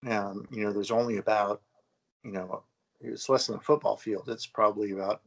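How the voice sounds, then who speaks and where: Man talking architecture, halting. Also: lowish voice, fairly even intonation, vocal fry, a bit bright, poor audio. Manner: thoughtful, halting, many fillers. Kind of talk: casual conversation about architecture.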